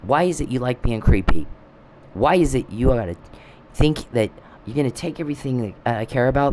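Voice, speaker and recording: A man's voice: mid-range voice, fairly quick, rough recording. A man ranting bitterly in a monologue, speaking straight at an absent opponent. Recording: steady background noise.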